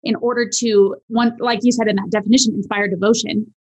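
A woman guest on a podcast, talking casually and animatedly about voice and charisma, swooping high at times to demonstrate. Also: little pitch movement, fairly quick, a little mellow, slightly rough. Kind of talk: casual interview chat.

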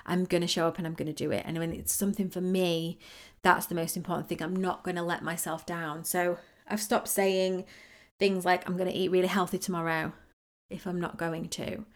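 A woman's voice: lowish voice, flat delivery, a little fast. A woman hosting a solo podcast on manifesting, talking in a chatty, rambling, self-mocking way. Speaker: podcast host.

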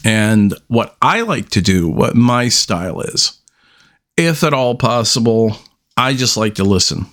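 Slow, pausing podcast host. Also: male voice, lowish voice, animated, a bit bright. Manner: slow, with long deliberate pauses between statements; halting, restarts often. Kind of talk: unscripted solo podcast monologue.

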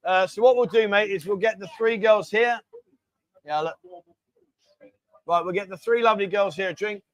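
Male live-stream host, higher voice, chatty and informal, dry close sound. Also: normal speed, no room sound. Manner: chatty, reads out viewer messages, calls people mate. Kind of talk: casual live chat with viewers.

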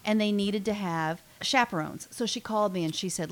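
A woman's voice: medium pitch, fairly quick. A woman co-hosting a casual chat in a radio studio, talkative, laughing often and wandering off topic. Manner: chatty, laughs often, digresses. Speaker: co-host.

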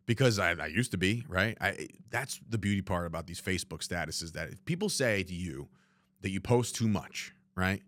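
A man hosts a solo podcast from his studio room. He talks candidly and rambles, swearing often, in a fairly low voice. The recording is dry and close. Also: lively intonation, normal speed, fairly bright tone, no room sound. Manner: candid and rambling, swearing, frequent "you know what I mean". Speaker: podcast host. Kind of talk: reflective solo podcast monologue.

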